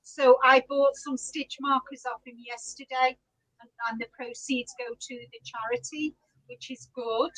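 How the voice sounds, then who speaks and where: A high-voiced woman hosts a relaxed live chat, unhurried in pace. She laughs often and greets viewers one by one. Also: low-quality recording. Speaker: podcast host reading live chat. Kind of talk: casual live-stream chat.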